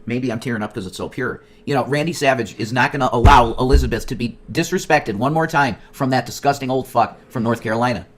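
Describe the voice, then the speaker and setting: Excitable, foul-mouthed man rambling. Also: mid-range voice, fast, hardly any pauses. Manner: profane, excitable, nostalgic rambling; swings between loud outbursts and muttered asides. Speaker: streamer. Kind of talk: rambling casual livestream chat.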